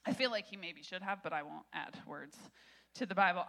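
A woman in her thirties, a pastor, giving an animated, conversational sermon with frequent laughter. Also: fairly low pitch, fairly quick, creaky.

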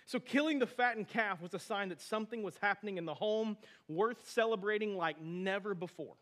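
A pastor in his thirties preaches a relaxed, conversational sermon, telling stories animatedly and slipping in friendly asides. His voice is a bit higher than most men's, and he talks a little fast.

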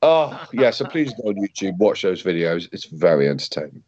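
Laughing British man, animated sports chat. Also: low-pitched, normal speed, crowd noise. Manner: swearing, laughing, rambling storyteller. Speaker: podcast host. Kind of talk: casual sports podcast chat. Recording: dull lo-fi sound.

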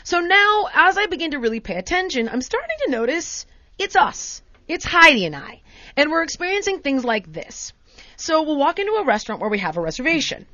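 An American woman hosting a podcast, telling a story in a casual, animated way and acting out the exchanges in different voices. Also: high-pitched, a little fast, no room sound. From United States. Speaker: podcast host. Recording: dry, dull lo-fi sound.

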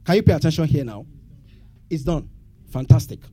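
Fairly high and dark in tone, this man's voice moves quickly with lively intonation. He's a pastor delivering a sermon, asking the congregation questions so they answer back.

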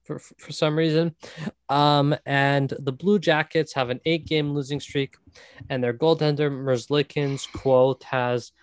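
A man's voice: on the high side, level tone, unhurried, smooth. A man co-hosting a casual sports podcast, reading out news in a matter-of-fact way. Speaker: podcast co-host. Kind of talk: casual chat.

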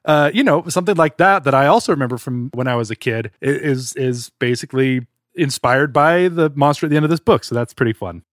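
A man's voice: mid-range voice, a little fast, dry recording, clean studio sound. A man co-hosting a podcast in casual chat, talking in an enthusiastic, rambling way. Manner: enthusiastic, chatty, fond of tangents. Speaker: podcast co-host.

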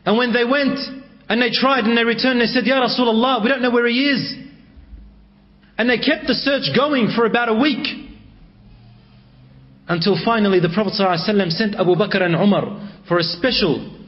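A man's voice: sits high, a little fast. A man telling a religious story in a dramatic, emotive way, on a dull recording.

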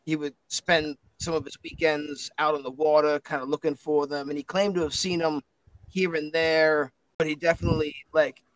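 A man voicing a grieving adult son who talks in a halting, earnest way in a tabletop game. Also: fairly high pitch, flat delivery, no room sound, close to an everyday voice, rough recording.

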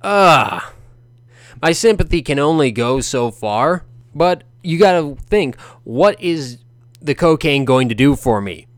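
A male podcast host giving opinionated boxing commentary, animated, ranting and sarcastic. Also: on the high side, takes it slowly, no echo.

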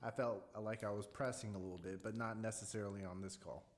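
Man, new salesperson, casual podcast, low voice, halting, thoughtful. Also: fairly even intonation, a little hiss or hum. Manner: reflective, halting, many fillers.

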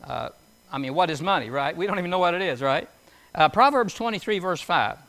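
An older man delivers a folksy sermon in a high, ringing voice. He moves between scripture readings and homespun stories, often putting questions to the congregation. His tone is bright and chatty. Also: lively intonation, brisk. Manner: conversational, asks the audience questions, tells homely stories. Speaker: preacher.

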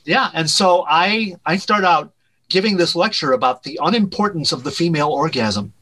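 A man with a fairly high, bright voice tells a wild backstage story as an interview guest. He is animated and lets his voice drop low at each punchline. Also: moderate pace, low-quality recording. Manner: animated anecdote-telling, drops pitch at punchlines. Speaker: guest, director and writer.

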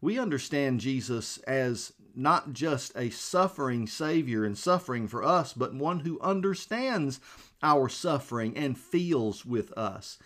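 A male preacher delivering a sermon in a friendly, conversational manner. His pitch sits in a plain middle range. He often chuckles, calls his listeners friends and asks them questions. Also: expressive, measured pace, a bit bright.

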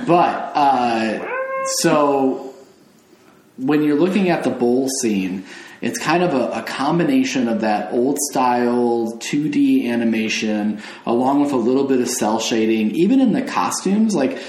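A man's voice: mid-range voice, animated, a little slow, darkish tone. A man hosting a casual film podcast, talking enthusiastically and rambling a little. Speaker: podcast host. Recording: roomy echo.

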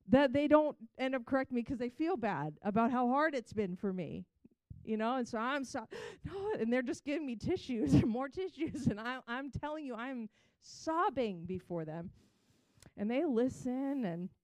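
A woman with a somewhat high voice and a mellow, warm tone gives a candid personal testimony. She tells her story in a storytelling way, acting out the quotes and stumbling into restarts. The sound is dry and close. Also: dry recording, low-quality recording. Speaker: speaker sharing testimony.

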